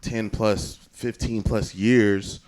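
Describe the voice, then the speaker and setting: Low-voiced man musing easily. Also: steady tone, slow, darkish tone. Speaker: podcast co-host. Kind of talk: casual chat.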